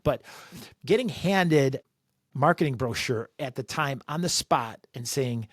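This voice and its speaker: A man from Chicago, an author and podcast host, telling a personal story in an animated way with lots of casual fillers. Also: medium pitch, measured pace, no echo, studio quality. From Chicago, USA. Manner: animated, acts out dialogue, frequent fillers. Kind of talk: storytelling monologue. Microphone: close podcast mic.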